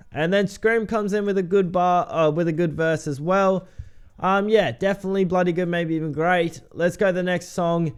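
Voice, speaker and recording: Casual man reviewing an album, clear voice. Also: fairly high pitch. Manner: relaxed, rambling, frequent ums. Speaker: music reviewer.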